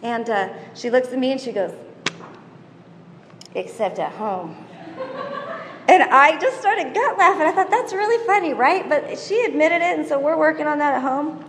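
A woman's voice: high-pitched, lively intonation, brisk, a bit bright. A middle-aged woman teaching a parenting class in a chatty way, telling stories about her kids, laughing and mimicking them. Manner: moves around constantly while talking. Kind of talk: casual teaching talk to mothers. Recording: roomy hall reverb, faint background noise.

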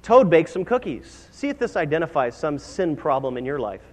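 A man's voice: a little high, sing-song, moderate pace, big-room sound. A male pastor preaching an earnest, exhorting sermon in a church. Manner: earnest, rising to emphatic exhortation.

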